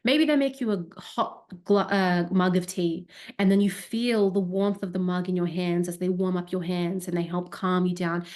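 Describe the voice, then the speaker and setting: A woman's voice: lowish voice, steady tone, normal speed, a little mellow. A woman coach gives an educational talk and demonstrates by voicing her body sensations aloud. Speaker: wellness coach.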